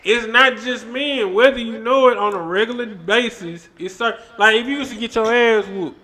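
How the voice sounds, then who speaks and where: Podcast host, man, high bright voice, animated and emphatic. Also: normal speed. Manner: animated, emphatic, swearing freely. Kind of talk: casual chat.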